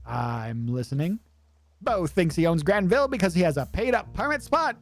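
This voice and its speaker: A man's voice: lively intonation, moderate pace. Sid: a man doing a chirpy young rodent boy. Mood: eager. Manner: chirpy, scheming, high-pitched. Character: eager young male rodent street vendor. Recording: faint music behind.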